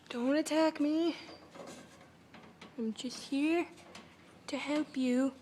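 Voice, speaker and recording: Very high-voiced jittery young woman. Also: steady tone, slow pace, long pauses, darkish tone, a little hiss or hum. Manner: jittery, often whispering, talking to a bird. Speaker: vlogger. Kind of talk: handheld home video narration. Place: inside a house, attic and rooms.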